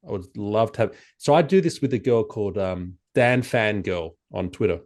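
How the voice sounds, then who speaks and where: A man speaking as a podcast guest in casual chat, animated and halting, acting out quoted exchanges in a raised voice. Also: on the low side. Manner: halting, frequent restarts.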